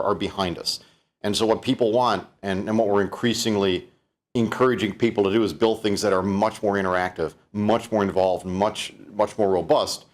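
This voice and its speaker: Low-voiced canadian guy doing a chatty keynote, lots of ums and restarts. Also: steady tone, moderate pace. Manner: conversational, fillers, many restarts. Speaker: keynote presenter. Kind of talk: live-streamed keynote talk.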